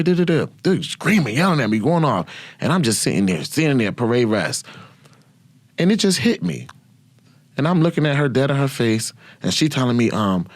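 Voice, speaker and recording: A man hosting his own podcast, telling profane, animated stories about his past and laughing often. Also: medium pitch, moderate pace, no room sound. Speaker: podcast host. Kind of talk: casual storytelling.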